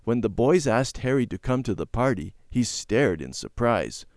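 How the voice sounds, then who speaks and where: A man reading a children's Bible story aloud in a gentle, clear storytelling manner. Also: mid-range voice, big pitch swings, moderate pace, no echo, studio quality.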